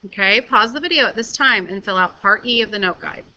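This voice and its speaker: A woman's voice: mid-range voice, animated, a little fast, pushed and bright, highs cut off. A woman teacher giving a recorded video lesson, explaining step by step and often checking in with "okay?". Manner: clear step-by-step instruction, frequent "okay?" checks. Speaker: Spanish teacher.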